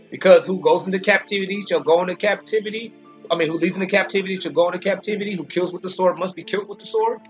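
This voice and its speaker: A man with a fairly high voice gives an informal scripture commentary. He speaks emphatically, stumbles over and repeats words, and slows to a deliberate pace when reading verses. The recording is dull and lo-fi, with faint music underneath. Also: steady tone. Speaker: Bible teacher.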